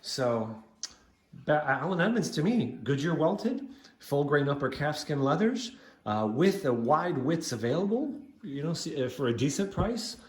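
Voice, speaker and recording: A man's voice: on the high side, very animated, a little slow. A middle-aged man chatting casually at home about his collection, rambling, with many fillers and self-corrections. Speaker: shoe collector vlogger. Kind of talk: casual show-and-tell. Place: dining room at home. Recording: roomy home recording with faint noise.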